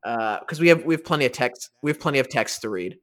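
Chill subdued guy hosting a sports podcast, ordinary pitch. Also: fast talker. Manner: relaxed, subdued, good-humoured. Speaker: podcast co-host. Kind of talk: casual chat.

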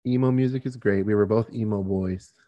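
A man in his thirties co-hosting a podcast in casual chat, chatty and quick to laugh, often acting out quotes. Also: fairly low pitch, steady tone, highs cut off. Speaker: podcast co-host.

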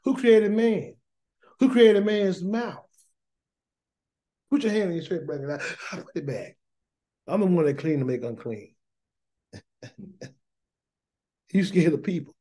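Slow and expressive, a Bible teacher with a dark tone and a voice high for a man gives a loose, sermon-like weekly Torah study, pausing often. He keeps to plain colloquial speech, saying "y'all" and "gonna." Emphatic and preachy, he circles back over his words and fires off rhetorical questions, answering each himself.

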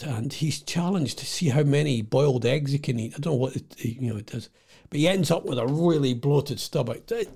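A man's voice: fairly high pitch, gravelly, a little mellow, breathy edge. Rambling older Scottish man at home. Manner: digressive, chatty, loses his thread. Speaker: vlogger. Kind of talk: casual rambling monologue.

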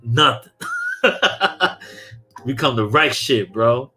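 A young man from Brooklyn, hosting a podcast in a loose, profane, animated chat and laughing often. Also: medium pitch, drawn-out words, soft background music. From Brooklyn, New York. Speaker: podcast host. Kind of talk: casual chat.

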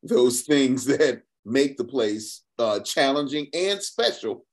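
A man hosting a podcast interview, talking in an expressive, reflective way with many restarts. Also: medium pitch, takes it slowly. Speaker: podcast host. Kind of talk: conversational interview.

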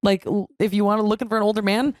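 A woman's voice: mid-range voice, fairly even intonation, rapid-fire, dry recording, clean studio sound. A young woman co-hosting a casual podcast chat, blunt and swearing freely as she runs through dating advice, with the hiccups. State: has hiccups. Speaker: podcast co-host.

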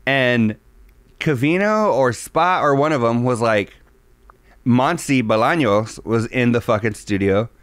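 A man's voice: medium pitch, expressive, measured pace, no room sound. A man co-hosting a podcast in casual chat, loose and profane, rambling with lots of fillers. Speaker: podcast co-host.

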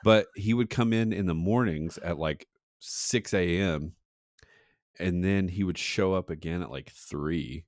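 Young male co-host, very low gravelly voice, dry close sound, loose comic storyteller. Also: a little slow, no room sound. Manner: rambling storyteller, mocks ad voices, laughs often. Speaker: podcast co-host. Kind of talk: casual comedic chat.

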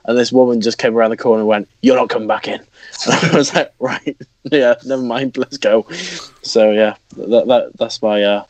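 A man's voice: mid-range voice, steady tone, moderate pace, darkish tone, no room sound. A man tells a story to his friends, laughing as he goes. His voice sits mid-range and sounds dry and close to the mic. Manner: laughing, recounting a drunken night out. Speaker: podcast co-host. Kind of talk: casual storytelling chat.

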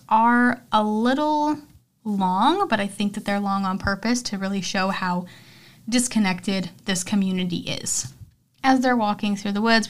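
Chatty woman recapping a film. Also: mid-range voice. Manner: chatty, filler-heavy retelling with acted quotes. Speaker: podcast host. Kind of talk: casual movie recap.

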